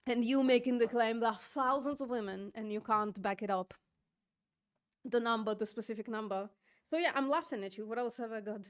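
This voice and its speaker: A woman's voice: on the high side, fairly even intonation, normal speed, clear, resonant tone. Mocking, laughing young woman streamer. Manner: mocking, laughing, swearing, repetitive. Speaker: streamer doing online outreach. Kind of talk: live-stream debate rant.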